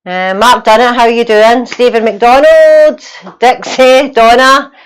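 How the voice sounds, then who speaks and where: A woman's voice: fairly high pitch, fairly even intonation, slow pace, smooth, rough recording. A woman co-hosting a casual live fan show, chatty and reading out viewers' names. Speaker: co-host.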